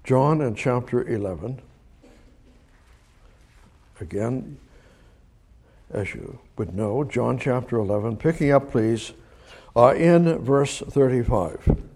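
Male preacher, mellow voice, conversational sermon with rhetorical questions, swings from emphatic to hushed. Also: mid-range voice, lively intonation, slow pace, long pauses.

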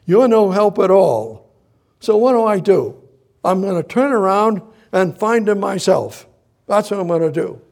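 A preacher doing a distraught grieving woman, pleading and fed up as she hunts for a missing body. The voice rides high and loud in exasperation, with a gravelly edge. It is told in a sermon. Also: animated, unhurried. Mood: exasperated pleading.

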